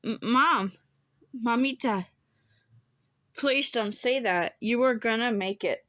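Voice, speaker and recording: A young daughter pleading with her mother not to go, in halting, broken phrases, as a woman puts her on. The delivery is slow and the sound dry. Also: a little high, bright, forceful tone, no room sound.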